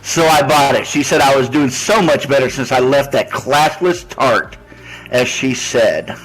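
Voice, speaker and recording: A man's voice: mid-range voice, a little slow, fairly bright tone, faint music behind, poor audio. A man cutting a trash-talking wrestling promo, sarcastic and taunting, with mock-sweet jabs. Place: online wrestling show with commentary table.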